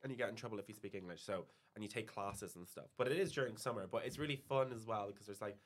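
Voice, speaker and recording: A man's voice: lowish voice, fast. A young man from Ireland with an Irish accent, chatting as a podcast guest and rambling with lots of "like" and restarts. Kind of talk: casual chat.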